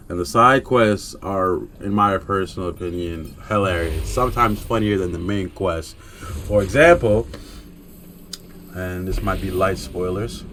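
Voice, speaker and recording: A young man casually reviewing a video game in a laid-back, slangy way, chuckling and breaking into excited rants. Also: low-pitched, a little hiss or hum.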